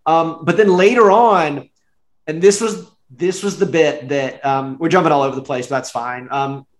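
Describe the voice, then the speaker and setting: A man chatting loosely on a podcast, his voice a touch higher than most men's. He piles up fillers and restarts and breaks into laughter often. The recording has a roomy echo. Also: moderate pace. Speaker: podcast co-host. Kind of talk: casual chat reviewing a movie.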